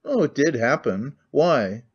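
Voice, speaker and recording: A man's voice: medium pitch, sing-song, measured pace, slightly rough. A man reading as a jaded idle nobleman. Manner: rambling, confiding, languid candor. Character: jaded cynical middle-aged nobleman, idle and talkative. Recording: muffled lo-fi audiobook recording.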